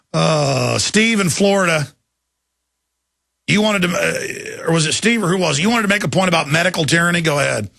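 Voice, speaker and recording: A man's voice: a little high, animated, moderate pace, long pauses, sharp tone, no echo, clean studio sound. A man hosting a radio talk show, ranting in a mocking way, mimicking voices and laughing as he goes. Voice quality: gravelly, raspy. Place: radio studio.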